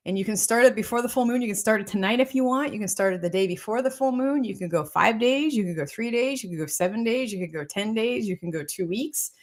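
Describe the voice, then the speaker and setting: A woman's voice: mid-range voice, expressive, fast talker, hardly any pauses. A woman doctor talks her listeners through a health routine in a loose, conversational way. She circles back over her points and keeps checking that they follow her. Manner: repetitive, keeps checking in with "okay?" and "right?". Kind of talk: casual health talk explaining a protocol.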